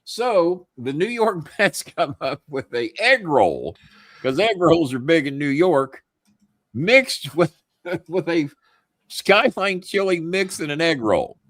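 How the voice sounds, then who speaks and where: A man's voice: on the high side, big pitch swings, takes it slowly, a bit bright, no room sound, clean studio sound. Profane, rambling man host. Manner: loose, profane, laughing storyteller with many fillers. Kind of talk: casual live show chat.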